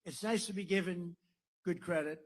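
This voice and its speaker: A man's voice: high-pitched, moderate pace. An older American man giving an after-dinner speech at a podium mic in a dinner hall, rambling, repeating himself and boasting. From United States. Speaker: political speaker.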